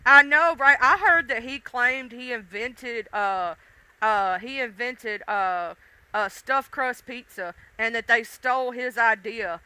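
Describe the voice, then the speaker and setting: A woman's voice: a little high, takes it slowly, bright, forceful tone, clear, resonant tone, dry recording, low-quality recording. A woman hosting a casual livestream, chatting with her viewers, laughing and teasing them by name. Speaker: livestream host. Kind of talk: casual chat with live viewers.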